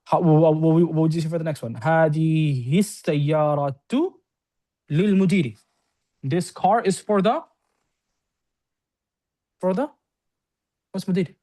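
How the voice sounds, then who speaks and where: A man teaching an Arabic lesson to a class, explaining quickly and often checking in with "right?". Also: on the high side, warm tone. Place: classroom with students on-site and online.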